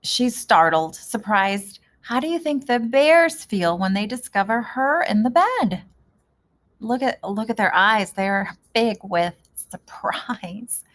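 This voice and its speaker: A woman teacher leading a reading lesson, gently asking young readers questions about a story. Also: fairly high pitch, big pitch swings, measured pace.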